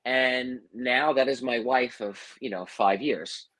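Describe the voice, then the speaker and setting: A middle-aged man, a firefighter and psychic, telling his story casually as an interview guest, animated and acting out quotes. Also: medium pitch, takes it slowly, rough recording. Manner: animated, acts out quotes, says "man" and "you know what I mean".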